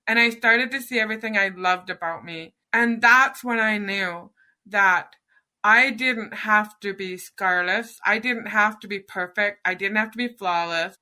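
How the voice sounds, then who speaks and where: Bright-voiced woman telling her story. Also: medium pitch. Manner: earnest, animated storytelling with quoted inner dialogue. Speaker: podcast guest. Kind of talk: personal storytelling interview.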